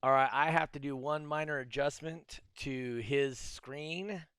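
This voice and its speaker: Man, podcast host, easygoing joking chat, smooth clear voice, dry sound. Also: medium pitch, a little slow, fairly bright tone, dry recording. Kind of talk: casual chat.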